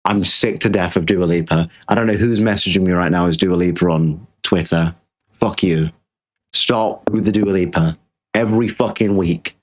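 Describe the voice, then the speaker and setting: A man's voice: low-pitched, a little slow. Sarcastic, sweary British man streaming. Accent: British English. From Britain. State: tired. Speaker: livestream host. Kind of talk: casual livestream rant.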